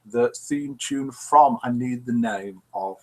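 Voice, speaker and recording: A British man hosting a live online show, chattily reading out viewer comments and telling cheeky jokes in a small home studio. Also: takes it slowly. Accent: British English. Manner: cheeky, playful joke-telling with wide pitch swings.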